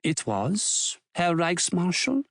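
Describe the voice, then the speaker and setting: A man's voice: high voice, huge pitch swings, takes it slowly, fairly bright tone, no room sound, clean studio sound, heavily acted. A man voicing a wary German scholar who answers formally and carefully, with a respectful title each time. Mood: cautious.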